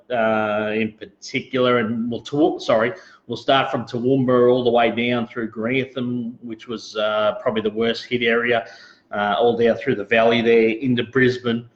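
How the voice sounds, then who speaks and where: A laid-back Australian man chats loosely on his live show, full of ums and asides to viewers. His voice sits at an ordinary middle pitch. The sound is roomy and a little dull, like a home live-stream mic. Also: level tone, normal speed. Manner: rambling, laid-back, greets viewers, frequent fillers. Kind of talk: casual live-stream chat.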